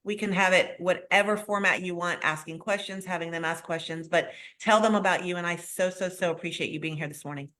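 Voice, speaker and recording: A woman's voice: fairly low pitch, brisk, hardly any pauses, a bit bright. A woman hosting a live video call, talking in an enthusiastic, effusive way. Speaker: host.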